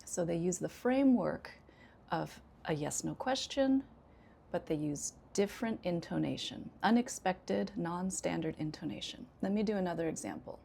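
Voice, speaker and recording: An American woman, an ESL teacher, explaining intonation in an unhurried way with frequent pauses. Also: lowish voice, animated, vocal fry, warm tone, slight background noise. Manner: unhurried, many 'um' pauses, demonstrates intonation examples. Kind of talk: casual instructional talk.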